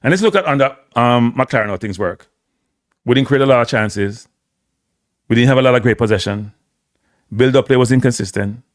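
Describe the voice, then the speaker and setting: A man's voice: mid-range voice, fairly quick, pauses often, dry recording, clean studio sound. A man with a Jamaican accent giving opinionated solo football commentary, hammering points home by repeating phrases and slipping into patois. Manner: emphatic, repeats phrases for stress, slips into patois.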